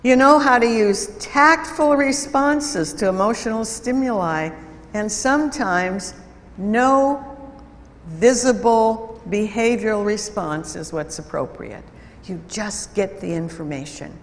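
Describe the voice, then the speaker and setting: A woman giving an instructive talk at a church, measured and deliberate, illustrating points with stories. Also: mid-range voice, animated, in a large hall. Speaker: speaker at a church program. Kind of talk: lecture-style talk with anecdotes.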